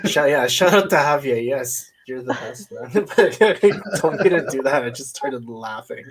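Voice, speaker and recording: Lively speaker with halting, filler-heavy talk. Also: medium pitch, a crowd in the background. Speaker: podcast co-host, casino dealer. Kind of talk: casual storytelling chat.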